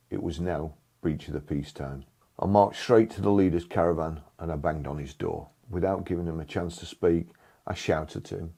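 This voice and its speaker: Older man, deep mellow husky voice, deadpan first-person storyteller from England. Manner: dry, blunt, sardonic.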